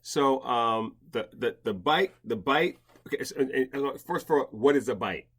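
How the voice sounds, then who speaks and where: A man's voice: mid-range voice, moderate pace, fairly bright tone, slightly rough. A man hosting a casual podcast chat, talking in rambling bursts with many restarts and stammers. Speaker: podcast host, dog behavior expert.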